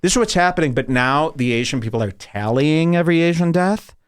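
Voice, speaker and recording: A man rants crudely on a comedy podcast. His voice is fairly high and swings widely in pitch. The sound is dry and close to the mic. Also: brisk, clear, resonant tone, dry recording. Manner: animated, crude, emphatic. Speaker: podcast host. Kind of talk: comedic rant.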